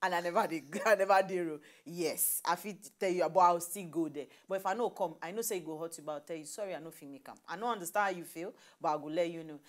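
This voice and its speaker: A young woman with a Nigerian accent talks in a relaxed, chatty way on a television talk show. Her voice sits a little low, and she laughs often as she goes. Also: fast talker, few pauses. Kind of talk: casual chat in Nigerian Pidgin.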